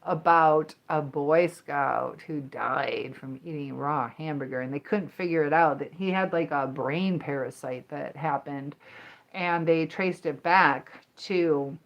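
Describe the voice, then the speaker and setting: A woman with a slightly low voice hosts a relaxed livestream, chatting loosely and reading viewer comments out loud. She rambles from one story to the next in an easy, talkative way, like a teacher and coach who is at home on camera. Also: unhurried, gravelly, muffled recording. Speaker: livestream host.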